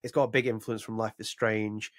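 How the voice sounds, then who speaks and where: A man's voice: fairly low pitch, little pitch movement, fairly quick, a bit bright, dry recording, studio quality. A man co-hosting a podcast in casual chat, rambling and opinionated, with frequent restarts. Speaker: podcast co-host.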